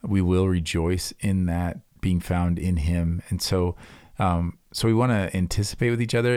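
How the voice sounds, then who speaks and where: Earnest guy on a church podcast, deep voice, lots of "like"s and restarts, dry sound. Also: a little mellow, no room sound. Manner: earnest, many fillers and restarts. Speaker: pastor co-host.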